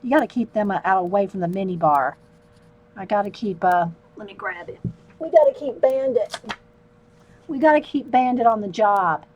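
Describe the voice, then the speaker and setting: A woman's voice: medium pitch, moderate pace, highs cut off. A woman hosting an art livestream, chatting casually with viewers as she draws and laughing often. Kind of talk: casual livestream chat while drawing.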